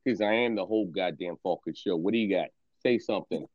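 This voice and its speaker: A man's voice: sits low, quick pace, darkish tone, no echo. Brief: male host, aggressive profane taunter, lo-fi dull chat audio, dry sound. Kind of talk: voice chat insult exchange.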